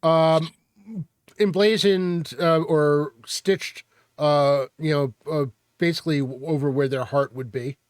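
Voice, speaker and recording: Halting male game master. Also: a little high, steady tone, clean tone, dry recording, clean studio sound. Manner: halting, many fillers. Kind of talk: narrating a tabletop game.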